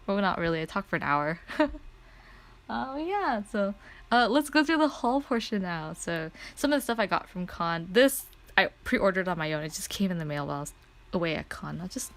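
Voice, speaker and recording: Excitable young woman streamer chatting. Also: mid-range voice, normal speed. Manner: excitable, laughs often, says "like" a lot. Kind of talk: casual story time chat.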